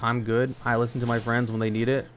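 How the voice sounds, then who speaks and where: A man's voice: medium pitch, flat delivery, quick pace, a little hiss or hum. A male streamer chatting casually with his viewers while he plays, in a laid-back, rambling way with lots of "like" and "you know". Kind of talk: casual chat while gaming, answering chat.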